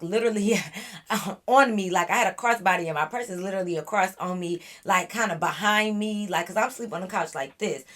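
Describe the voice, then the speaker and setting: A young woman vlogger telling a wild storytime to her viewers in an animated, slangy way. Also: on the low side. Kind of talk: storytime chat to camera.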